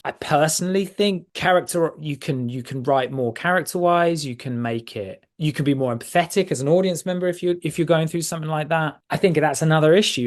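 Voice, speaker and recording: A man's voice: a little high, a little mellow. A man co-hosting a podcast, chatting casually about a film in a rambling way, with restarts and frequent laughs. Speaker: podcast co-host. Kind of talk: casual film-review chat.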